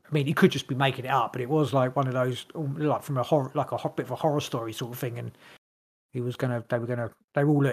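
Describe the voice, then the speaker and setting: A man's voice: medium pitch, fairly even intonation, quick pace. A man co-hosting a podcast, telling a story in casual chat and rambling with many restarts. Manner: rambling, full of restarts and fillers. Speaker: podcast co-host.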